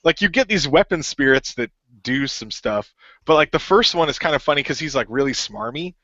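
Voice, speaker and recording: A man with a fairly high, very animated voice chats casually as a podcast co-host, rambling and packing his sentences with fillers. The recording sounds dull and dry, with no room echo. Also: a little fast. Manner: rambling, filler-heavy, full of "like". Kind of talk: casual chat.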